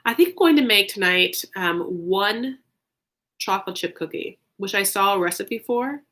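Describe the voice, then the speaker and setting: A woman's voice: mid-range voice, lively intonation, moderate pace, a bit bright. A woman hosting a casual livestream recap, chatting loosely, saying "like" a lot and answering viewer comments. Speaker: recap show host.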